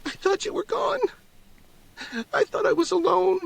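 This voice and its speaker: A man's voice: very high-pitched, lively intonation, a little slow, creaky, a bit bright, voice pushed up, exaggerated voice. A man voicing a stunned, tearful young girl with a shaky, breaking voice. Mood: sobbing.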